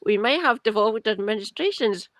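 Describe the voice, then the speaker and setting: A woman's voice: a little high, normal speed, dry recording. A British woman from outside England co-hosting a podcast, ranting sarcastically with heavy swearing. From United Kingdom, outside England. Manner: sarcastic, swears heavily, animated rant. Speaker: podcast co-host. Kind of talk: casual political chat, ranting.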